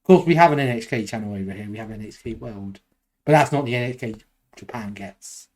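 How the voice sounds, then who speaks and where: A man's voice: lowish voice, fast, a little mellow. A young British man co-hosting a podcast in casual chat, rambling and self-deprecating, laughing often. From United Kingdom. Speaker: podcast co-host.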